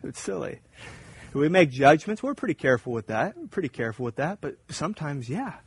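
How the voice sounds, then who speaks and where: Male pastor, sermon, husky voice, fairly high pitch, dry sound. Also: big pitch swings, brisk. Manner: emphatic, conversational, acts out dialogue.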